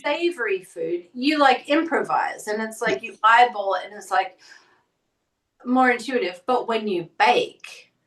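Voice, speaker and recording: A middle-aged woman tells lively stories as an interview guest, often acting out what people said. Her voice sits fairly high. The sound is roomy and set back from the mic. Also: a little slow. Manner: chatty storytelling, acts out quotes. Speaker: guest, painter. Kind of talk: casual interview chat. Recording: roomy, from a distance.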